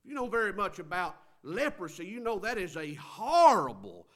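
Preacher with big dynamic swings. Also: male voice, high-pitched, wildly swooping pitch. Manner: dramatic swings from loud emphasis to quiet, drawn-out words. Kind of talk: sermon.

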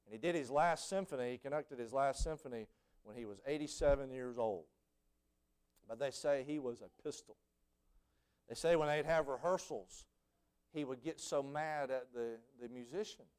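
A male preacher, giving a sermon full of stories. His voice drops low and then bursts out in shouts. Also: normal speed, clean tone. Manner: storytelling, swings from hushed to shouting.

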